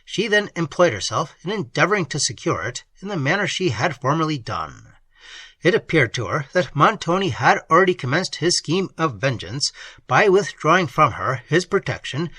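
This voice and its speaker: A man reading a gothic novel aloud as an audiobook narrator, in an expressive, dramatic way. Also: a little high, normal speed, husky, no echo.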